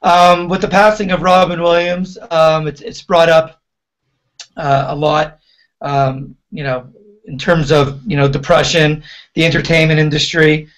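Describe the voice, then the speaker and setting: A man's voice: fairly high pitch, level tone, measured pace, a bit bright. A male DJ hosting a casual interview over a video call, chatty and full of fillers. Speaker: DJ host.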